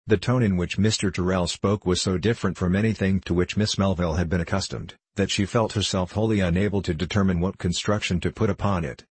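A man narrating a classic novel in a measured, formal reading. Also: low voice, slightly rough, no room sound. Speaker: audiobook narrator.

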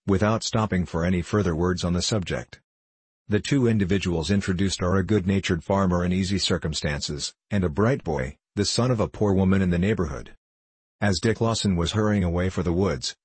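A man reading old moral stories aloud in a plain, measured storytelling manner. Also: low voice, darkish tone, slightly rough, no echo. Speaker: audiobook reader.

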